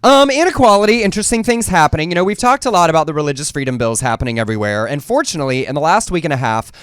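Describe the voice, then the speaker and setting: Male co-host, clear smooth voice in a dry room, sarcastic news chat. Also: a little high, rapid-fire, no echo. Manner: animated, sarcastic asides. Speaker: talk show co-host.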